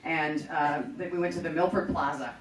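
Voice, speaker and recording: A woman's voice: sits low, steady tone, brisk, reverberant, distant mic, slight background noise, rough recording. A middle-aged woman hosting a show, telling a personal story in a chatty, profane, self-mocking way. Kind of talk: casual storytelling.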